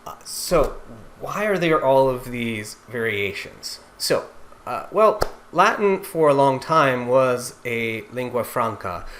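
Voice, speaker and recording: A man giving an informal lecture to singers, with a voice of ordinary middle pitch. He explains step by step in an easy, conversational way, as a teacher talking through a topic. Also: animated, takes it slowly, a bit bright, slight background noise. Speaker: singing teacher.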